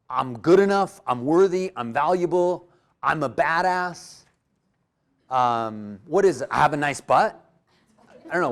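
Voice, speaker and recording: A man giving a live motivational workshop in a room full of people, energetic and coaching the audience with direct prompts. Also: medium pitch. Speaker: workshop speaker.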